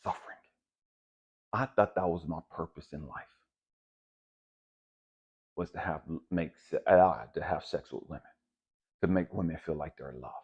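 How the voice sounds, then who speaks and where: Deep husky man, raw impassioned testimony. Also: measured pace, long pauses, muffled recording. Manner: raw and profane, swinging from hushed to loud. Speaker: speaker sharing a personal testimony.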